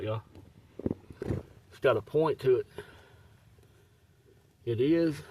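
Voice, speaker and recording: Excited man digging in a riverbed. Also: lowish voice. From Tennessee. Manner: excited, chatty, keeps addressing viewers as y'all. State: breathing hard from digging. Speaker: rockhounding vlogger. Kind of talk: casual first-person narration while digging. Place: muddy riverbed outdoors. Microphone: phone camera, point-of-view. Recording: distant phone mic with clear outdoor noise.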